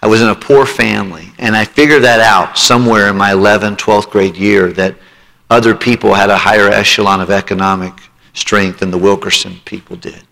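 Low-leaning and sharp, with vocal fry, this preacher's voice rings out in long hall reverb. He recounts his personal testimony with emotion, then rises into a pleading altar call urging his listeners to respond.

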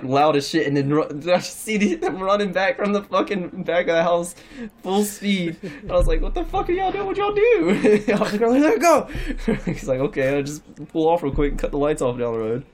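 A man's voice: on the high side, fairly quick. A young man telling a long story in casual chat, rambling, laughing and swearing a lot.

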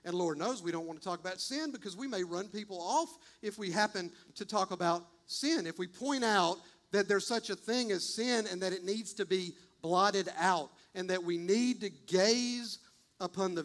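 Male pastor, high-pitched and impassioned, emphatic sermon delivery. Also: a bit bright. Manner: impassioned, emphatic, swings between fast bursts and slow stresses. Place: church, streamed online.

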